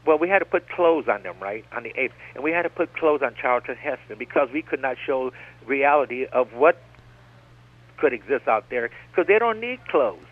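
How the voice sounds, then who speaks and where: A man's voice: mid-range voice, animated, moderate pace. A man speaking as a radio guest, rambling and digressive, often circling back with "like I said.". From United States. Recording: tinny phone-line radio broadcast.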